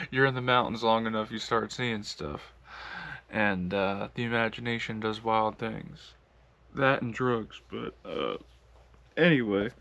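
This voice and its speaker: A man's voice: lowish voice, slow pace, creaky, pauses often, a bit bright. A man from the United States casually telling a travel story, rambling with lots of fillers and laughing as he goes. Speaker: long-distance walker vlogging.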